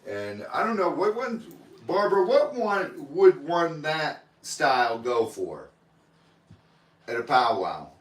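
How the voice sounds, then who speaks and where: A man's voice: on the high side, big pitch swings, slow, far from the mic. A man hosting a live auction stream, calling out bids and chatting in a casual, joking way. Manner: chatty, calls bids and jokes. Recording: echoey room, a bit off-mic.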